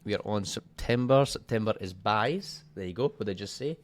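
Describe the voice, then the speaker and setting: A man's voice: fairly low pitch, fairly quick. A man coaching forex trading in a casual screen-share walkthrough, thinking aloud and swearing offhandedly.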